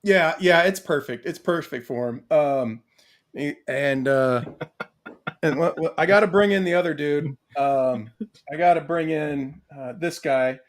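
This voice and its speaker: A man co-hosting a casual podcast chat, rambling and excitable, laughing often. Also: fairly high pitch, measured pace. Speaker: podcast co-host.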